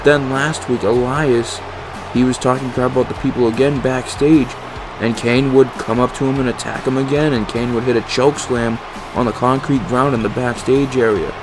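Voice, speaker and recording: A man doing excitable, casual play-by-play commentary on a wrestling match. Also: medium pitch, normal speed, over music, poor audio. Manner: excitable, emphatic, casual swearing.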